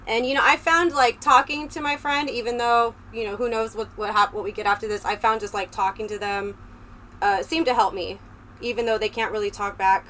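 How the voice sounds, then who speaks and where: A woman livestreamer with a slightly high voice talks straight to her chat in a loose, rambling way. She is close on a desk microphone at home, with a low fan humming faintly behind her. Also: fairly even intonation, fairly quick, bright, forceful tone. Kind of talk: casual livestream chat with viewers. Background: low fan hum.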